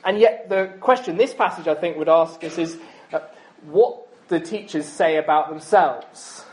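A man's voice: on the high side, a little slow, darkish tone, poor audio. Man preaching a chatty sermon. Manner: chatty, self-deprecating, frequent ums.

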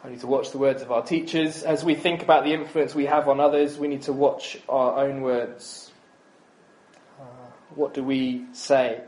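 A man's voice: medium pitch, steady tone, moderate pace, a little mellow, poor audio. A man in his thirties preaching a sermon in a chatty, self-deprecating way, with frequent ums and asides.

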